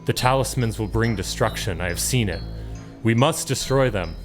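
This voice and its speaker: A man's voice: fairly low pitch, music in the background, close to an everyday voice. A man doing a solemn elder woman. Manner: grave, measured.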